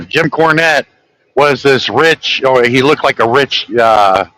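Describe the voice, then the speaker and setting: A man's voice: medium pitch, slow pace, sharp tone, low-quality recording. A middle-aged man vlogging from his truck, telling rambling, folksy stories and acting out quoted talk. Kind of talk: casual storytelling while driving.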